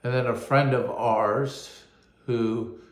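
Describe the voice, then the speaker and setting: A man, a pastor, telling a personal testimony in an earnest, halting way, often repeating words as he goes. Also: medium pitch, fairly even intonation, echoey room.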